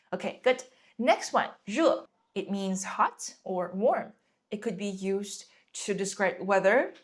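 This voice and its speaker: A woman teaching a lesson in English, patiently repeating words and checking in with "right?". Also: medium pitch. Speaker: Chinese teacher. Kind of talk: language lesson explaining vocabulary.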